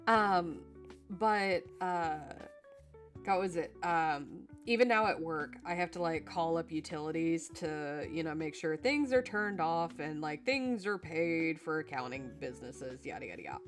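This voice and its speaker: Young woman streamer rambling to chat, kinda low voice, soft music playing behind. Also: expressive, a little slow. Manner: rambling, lots of fillers and restarts, laughs easily. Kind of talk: casual live-stream chat.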